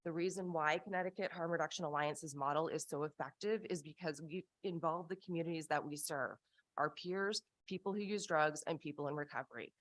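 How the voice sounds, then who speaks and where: A woman's voice: sits low, no room sound. A woman from Canada giving impassioned public testimony at a hearing over a video call. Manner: earnest, impassioned, slows for emphasis.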